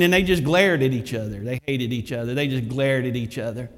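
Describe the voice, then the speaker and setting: A man's voice: mid-range voice, brisk, hardly any pauses. A man, preaching a sermon and telling stories with lots of repetition for emphasis. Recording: echoey hall.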